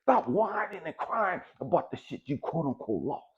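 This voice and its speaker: A man's voice: fairly high pitch, sing-song, normal speed. A middle-aged man giving a blunt, profane motivational exhortation, hammering his points with repetition. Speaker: motivational speaker. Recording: dull lo-fi recording.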